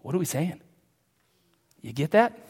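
A pastor delivering a sermon, swinging between hushed and loud, emphatic passages. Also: male voice, on the high side, sing-song, measured pace, husky, big-room sound.

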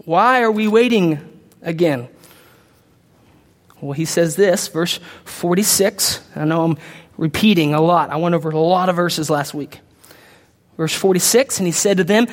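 A man preaching a sermon as pastor, emphatic, throwing questions to the congregation. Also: high voice. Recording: long hall reverb.

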